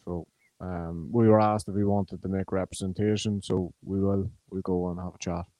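An Irish man talking as a pundit, a former player, in a measured, hesitant way with many ums. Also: low-pitched, flat delivery, dark tone, dry recording, rough recording. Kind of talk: casual sports chat.

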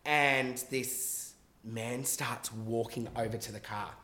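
Animated storytelling man, bright roomy sound. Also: mid-range voice, takes it slowly. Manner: animated, swears freely, acts out quotes. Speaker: guest telling a story. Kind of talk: casual storytelling on a podcast.

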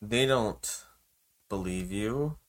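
A man in a relaxed manner, narrating a tabletop game as game master and laughing along. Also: fairly low pitch, drawn-out words. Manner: laid-back, laughing through narration.

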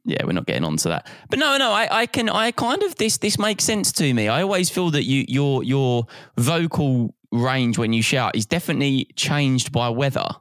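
A man's voice: medium pitch, very animated, moderate pace, few pauses, a bit bright, no echo, clean studio sound. A young man co-hosting a podcast in casual chat, rambling with many restarts and stammers. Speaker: podcast co-host.

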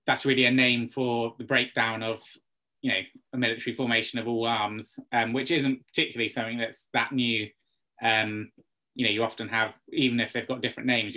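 Bright-toned man explaining with many ums. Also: on the low side. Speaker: guest military historian. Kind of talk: podcast interview.

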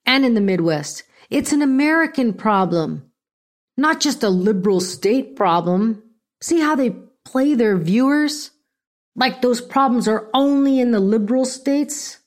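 A woman's voice: fairly high pitch, expressive, measured pace. Blunt, profane middle-aged woman podcaster. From California. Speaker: podcast host. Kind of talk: casual political commentary.

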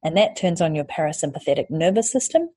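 A woman's voice: deep voice, expressive, quick pace, warm tone, breathy edge, dry recording. A woman hosting a podcast, giving candid advice in a chatty way that includes casual swearing. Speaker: podcast host and online course creator.

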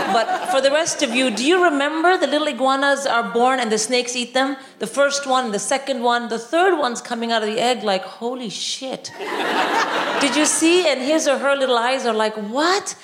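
A middle-aged woman from India doing animated live stand-up comedy, often shouting and mimicking voices. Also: a little high, moderate pace, very noisy. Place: large live venue with audience. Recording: echoey hall, loud crowd laughter.

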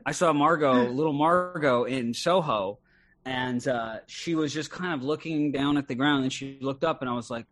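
A man's voice: medium pitch, moderate pace, fairly bright tone. A man co-hosting a casual podcast chat, rambling and stammering through crude opinions. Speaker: podcast co-host.

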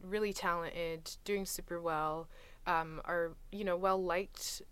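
A young woman talking casually as a guest, retelling stories in a chatty, animated way. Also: fairly low pitch, slow, clean tone. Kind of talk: casual conversation.

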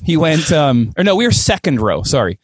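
A man's voice: fairly high pitch, brisk, a crowd in the background. A man hosting a podcast, telling a story in casual chat and acting out the voices in it. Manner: animated storyteller, mimics voices in anecdotes. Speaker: podcast host.

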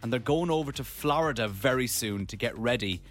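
A man's voice: medium pitch, fairly quick, faint music behind. A man co-hosting a radio podcast, chatting casually and telling stories with lots of laughs. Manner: lively, storytelling, laughs often.

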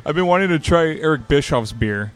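A man's voice: a little high, expressive, a little fast, clean tone. A man co-hosting a podcast in casual chat, teasing and asking question after question, at a wrestling fan event. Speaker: podcast co-host.

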